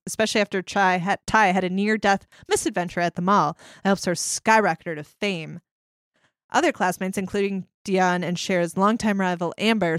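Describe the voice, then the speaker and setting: A woman's voice: medium pitch, no echo. Young woman co-host, chatty and giggly, dry close sound. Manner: laughs often, reads plot summary aloud. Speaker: podcast co-host. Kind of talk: casual chat recapping a film.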